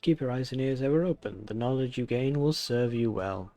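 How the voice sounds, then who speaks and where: A man voicing a solemn old sage from a game, reading the lines aloud in a slow, measured way. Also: mid-range voice, dark tone, soft background music, lightly acted.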